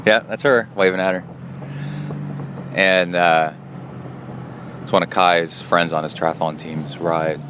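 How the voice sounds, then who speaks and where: A man's voice: low-pitched, steady tone, takes it slowly, long pauses, background noise. A man who coaches triathlon and hosts a podcast, talking in a rambling, chatty way. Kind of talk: casual spoken monologue.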